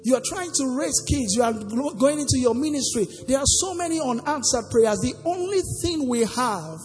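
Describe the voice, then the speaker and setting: A high-pitched, animated woman preacher with a darkish tone and moderate pace gives a sermon in a church hall. She poses call-and-response questions to the congregation and lilts some phrases sing-song, heard through long hall reverb with faint music.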